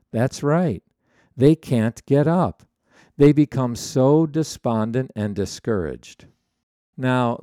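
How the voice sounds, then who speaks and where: A man delivering a sermon at an unhurried pace, leaning on key phrases for emphasis. His voice has a mellow, darker color. The sound is dry and close, with no room echo. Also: medium pitch. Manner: deliberate, emphatic preaching with slowed key phrases. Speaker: preacher.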